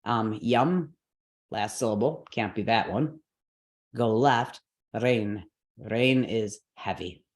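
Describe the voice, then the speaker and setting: A woman teaches an online mantra lesson on Sanskrit stress. She walks through each rule patiently, pausing often to check in with her students. She slows right down whenever she spells out a syllable. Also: a bass voice. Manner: patient explaining with frequent okays and all rights.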